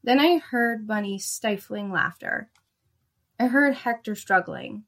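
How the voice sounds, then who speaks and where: A woman's voice: medium pitch, expressive, slow pace, a bit bright. Sardonic young woman narrating a story.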